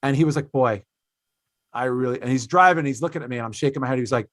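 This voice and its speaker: A man in his thirties hosting a podcast, telling a story in an animated, profane way, swinging between loud and quiet. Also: mid-range voice, quick pace, no echo. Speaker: podcast host. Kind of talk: casual podcast chat.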